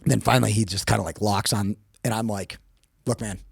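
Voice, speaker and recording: A man's voice: quick pace, vocal fry, slightly rough, no room sound, studio quality. An American man, middle-aged, telling a story as a podcast guest, acting out the quotes with sudden jumps in his voice. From United States. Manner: animated, acts out quotes with lively pitch jumps. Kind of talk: casual storytelling.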